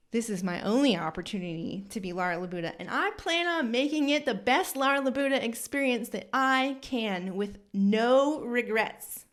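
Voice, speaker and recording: Woman, salon owner, podcast host, rambling and animated, self-deprecating, mid pitch. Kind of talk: casual storytelling monologue. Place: her salon.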